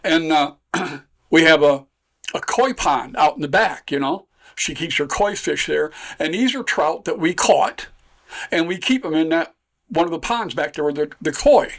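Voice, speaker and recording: A man voicing a sly, deadpan rural man who talks with folksy innocence. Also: on the high side, moderate pace. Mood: innocent.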